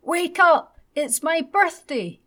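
A woman voicing an excited small boy on his birthday, loud, slow and gleeful. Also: medium pitch, husky. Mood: shouting.

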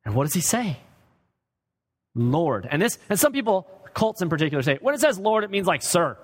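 Male pastor, sermon delivery, emphatic with hushed drops, slightly high voice, long church reverb. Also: sing-song, a little fast. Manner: swings from loud emphatic preaching to low quiet asides. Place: church sanctuary.

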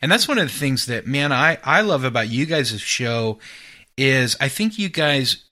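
A male podcast host talks in a very bright, mid-pitched voice. He is casual and enthusiastic and keeps checking in with "right?" as he reflects. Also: very animated, moderate pace. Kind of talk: conversational podcast interview.

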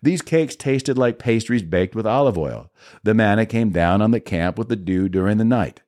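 A man reads scripture aloud in a measured, expressive way. His voice sits on the low side and moves through a wide, lively range of pitch. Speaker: Bible reader.

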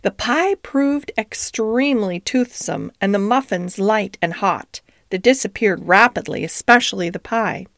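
A woman narrating a classic storybook in a gentle, expressive reading. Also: medium pitch, measured pace, gravelly, hardly any pauses, no room sound, clean studio sound.

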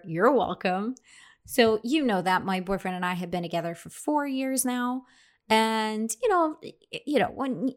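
A young adult woman explaining English expressions in a casual lesson, chatty, with many fillers and restarts. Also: mid-range voice. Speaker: English teacher.

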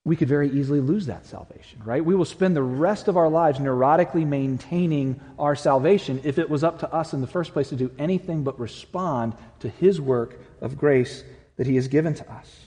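A man preaching a sermon in a church, earnest and swinging from loud emphasis to hushed, quiet lines. His voice is mellow and dark. It rings out with the long reverb of a big hall. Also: a little high, a little fast. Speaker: pastor. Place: church sanctuary.

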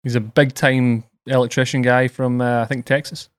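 A man hosts a podcast among fellow caddies. He tells his stories with lively energy and teases his guests along the way. The talk is relaxed, casual chat. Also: medium pitch, moderate pace, clean tone. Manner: lively teasing storyteller.

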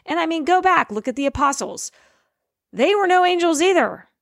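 A middle-aged woman speaks earnestly in a relaxed, conversational way about faith, leaning into key words by slowing down. Her voice has a gravelly, creaky edge. The sound is close and dry, with little room in it. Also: very high-pitched, dry recording. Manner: earnest, conversational, slows to stress points. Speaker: Christian speaker, parent. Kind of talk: informal faith talk.

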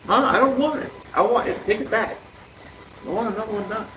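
A man from the congregation acting out an angry fast-food customer complaining about his order, in an indignant, whiny way. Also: sits high, pushed and bright, roomy sound, distant mic, slight background noise, pitched above the performer's own voice, poor audio. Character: irate adult male fast-food customer. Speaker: congregation volunteer.

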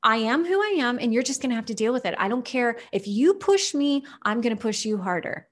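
A woman's voice: fairly high pitch, sing-song, a little fast. A woman voicing a stubborn, defiant female pet dog who talks bluntly and will not back down.

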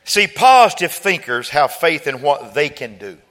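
A man preaching a sermon, quoting scripture and building from quiet talk to fervent shouting. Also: fairly high pitch, very animated, moderate pace.

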